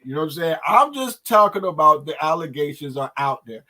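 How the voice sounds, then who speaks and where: Guy hosting a hip-hop news chat, kinda high voice, rambly, lots of ums and restarts. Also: expressive, a little fast, bright, forceful tone. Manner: loose, talkative, hesitant with restarts. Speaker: show host.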